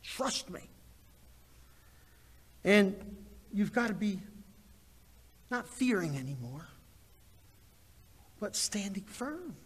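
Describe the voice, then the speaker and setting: A man preaching a sermon, animated, swinging between loud declarations and hushed asides. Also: high voice, takes it slowly, long pauses, slightly rough, big-room sound. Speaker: pastor.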